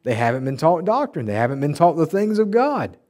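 A male pastor delivering an emphatic, animated sermon in a church and acting out the people he quotes. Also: fairly high pitch, brisk. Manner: emphatic, animated preaching with mocking quoted voices. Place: church sanctuary.

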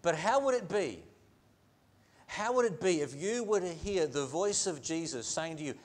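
A man's voice: on the high side, lively intonation, moderate pace. A male pastor preaching a sermon in a church, earnest, with repeated phrases and rhetorical questions. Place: church sanctuary.

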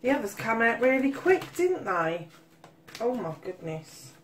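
A woman's voice: a little high, very animated, measured pace, slight background noise. A woman giving a casual tarot reading, swearing freely and calling listeners darling. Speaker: tarot reader.

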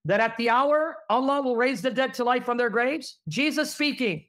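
A man's voice: extremely high pitch, moderate pace, hardly any pauses, fairly bright tone. Emphatic man reading and arguing scripture. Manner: emphatic, asks the audience rhetorical questions. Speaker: Christian apologist. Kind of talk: apologetics teaching with scripture reading.

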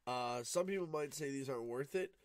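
A groggy man commenting as he opens card packs, his talk low-key and close to a monotone. He has just woken up, and his voice sits at a middling pitch for a man. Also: a little fast. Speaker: card-opening channel host. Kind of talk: casual pack-opening commentary. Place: home room at night, cat nearby.

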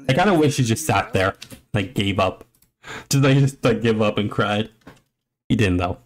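A man's voice: mid-range voice, normal speed, creaky. A young man giving a casual play-by-play reaction, rambling and joking with frequent exclamations. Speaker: reaction commentator.

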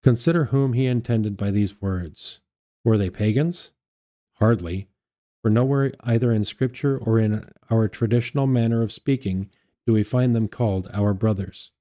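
Male liturgical reader, low and very warm in tone; measured, unhurried delivery of scripture readings. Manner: measured, steady reading with small self-corrections. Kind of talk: reading aloud of scripture and patristic texts.

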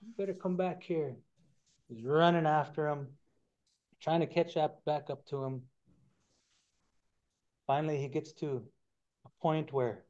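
A man retelling a traditional story during a lecture, relaxed and conversational, acting out the characters. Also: medium pitch, highs cut off. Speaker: guest speaker.

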